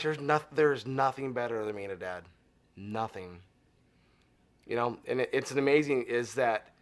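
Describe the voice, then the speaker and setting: Lively middle-aged man telling stories. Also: medium pitch. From Arizona. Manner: animated storyteller acting out dialogue. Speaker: interview guest. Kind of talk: casual interview storytelling.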